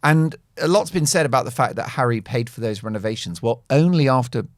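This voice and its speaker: A man's voice: mid-range voice, a little fast, no echo, clean studio sound. A man commenting as a talk show guest, wry and playful with self-mocking jokes. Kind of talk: opinionated talk show chat.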